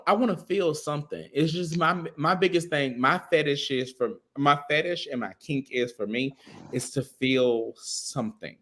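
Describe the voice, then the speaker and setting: A man co-hosting a podcast in casual chat, crude and animated, swearing constantly and sounding a bit tipsy. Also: a little high, moderate pace. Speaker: podcast co-host.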